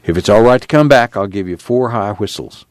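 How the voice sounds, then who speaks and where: A man reading aloud and voicing a rebellious rural ex-preacher who talks in a folksy drawl, calm and defiant. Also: on the low side, brisk, dry recording, close to an everyday voice. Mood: firm. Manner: folksy rural drawl, firm and plain-spoken.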